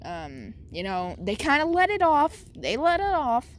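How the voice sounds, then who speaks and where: A woman casually narrates a made-up fan story, rambling with fillers and restarts. She speaks slowly in a fairly high voice with lively swings in pitch.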